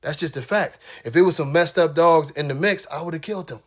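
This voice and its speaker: Man ranting live on stream, high-pitched, blunt, profane, repeats himself. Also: quick pace. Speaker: dog breeder ranting on a livestream. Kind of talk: heated livestream rant.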